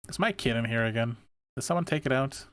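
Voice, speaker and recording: A man's voice: mid-range voice, fast, a bit bright, no room sound. A tired man giving casual let's-play commentary, wry and self-mocking as he thinks aloud. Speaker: streamer.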